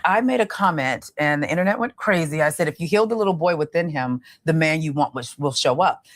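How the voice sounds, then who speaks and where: Low-voiced woman coach explaining calmly. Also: fairly quick. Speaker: relationship coach. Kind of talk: podcast interview.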